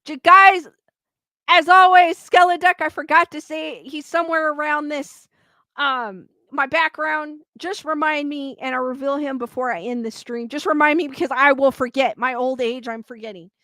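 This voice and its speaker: A woman's voice: high-pitched, moderate pace, bright, forceful tone, no room sound. A woman hosting a paranormal livestream, chatting casually with viewers and rambling candidly as she vents her frustration. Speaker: paranormal YouTube host live-streaming. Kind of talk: casual livestream chat, reading viewer comments.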